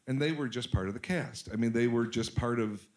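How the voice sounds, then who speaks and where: A man's voice: medium pitch, brisk, darkish tone. A man in his forties, a guest telling stories in casual chat, joking and self-mocking. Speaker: podcast guest, actor.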